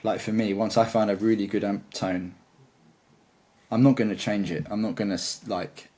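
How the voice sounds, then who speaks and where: Guy guitarist rambling on about gear in a chat, kinda low voice, keen and loose. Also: fairly even intonation, moderate pace, warm tone. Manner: rambling, enthusiastic. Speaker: guitarist guest. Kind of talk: casual interview chat.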